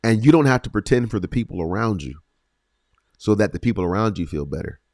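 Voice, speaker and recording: Deep-voiced man, earnest faith podcast host. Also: expressive, a little mellow, no echo, clean studio sound. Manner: earnest, repeats phrases, slow emphatic pauses. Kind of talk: encouraging faith podcast talk.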